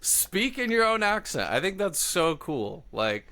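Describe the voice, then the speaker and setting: A young man co-hosting a casual podcast, eager and quick to laugh. His voice sits a little high and swings widely in pitch as he gets excited. The recording is dry and close. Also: no room sound. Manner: animated and enthusiastic, laughs often. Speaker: podcast co-host. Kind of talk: casual chat.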